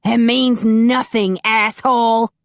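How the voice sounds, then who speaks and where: A woman voicing a defiant, hot-tempered young male vampire captive who curses loudly. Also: mid-range voice, fairly even intonation, drawn-out words, no echo, studio quality, pitched above the performer's own voice. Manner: angry, cursing, raised voice.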